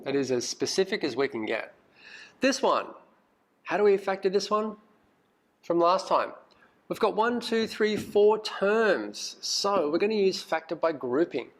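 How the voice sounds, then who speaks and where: A man's voice: sits high, unhurried. A male math teacher walking through a recorded lesson, asking lots of questions, coaxing students and muttering asides as he thinks aloud. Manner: lively, asks questions and coaxes students.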